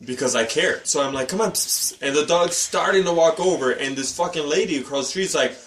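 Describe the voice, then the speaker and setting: A podcast co-host with a slightly high voice tells stories in casual chat, speaking fairly quickly. He's an animated storyteller who acts out the people he quotes, and the sound is roomy.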